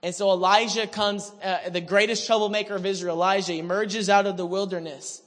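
A male pastor preaching a sermon with animated, dramatic storytelling. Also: high voice, a little fast. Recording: reverberant hall.

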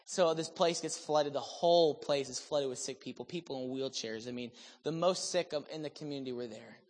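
A male preacher delivers a sermon in animated storytelling mode. His delivery rises to loud, excited peaks and drops to soft, hushed passages. The sound carries the long reverb of a large hall. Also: medium pitch, a little fast.

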